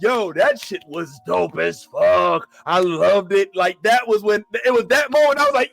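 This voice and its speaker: Man, high pitch, animated, restarts, casual live show chat, dry close mic. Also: unhurried, gravelly, few pauses, no echo, faint music behind. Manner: animated, acts out quotes, rambling restarts. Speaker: podcast co-host.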